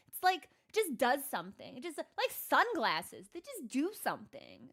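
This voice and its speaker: A woman's voice: sits high, sing-song, measured pace, pushed and bright. A woman streaming a game, chatting casually in a rambling, sarcastic and self-mocking way with many fillers. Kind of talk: casual chat while gaming.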